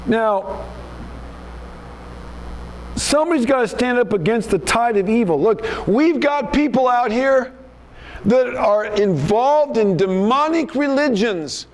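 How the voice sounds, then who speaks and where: Emphatic high-voiced male pastor preaching. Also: animated, slow, pauses often. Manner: emphatic, rebuking, repeats words. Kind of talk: sermon.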